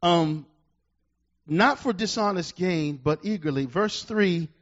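A middle-aged male pastor preaching a sermon, building to loud emphatic bursts and slowing down to read verses. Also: sits high, muffled recording.

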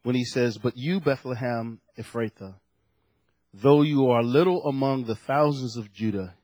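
A man's voice: mid-range voice, normal speed, a little mellow, no room sound. A man preaching a sermon at a lectern to a congregation, telling stories with animation and acting out the voices in his quotes.

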